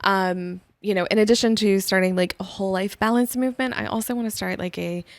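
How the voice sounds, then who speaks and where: A woman's voice: medium pitch, steady tone, a little fast, no echo. A woman life coach talks through her ideas in a loose, chatty way, filling her sentences with um and like. Her voice sits mid-range and is recorded dry and close, with no room sound around it. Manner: chatty, says um and like a lot. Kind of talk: casual podcast conversation.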